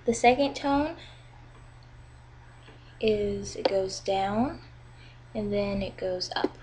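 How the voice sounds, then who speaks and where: A young woman talks through a homemade lesson at an unhurried pace, carefully drawing out each example sound. Her voice sits at a middling pitch. A faint noise hangs in the background of the recording. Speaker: language teacher. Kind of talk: casual video lesson.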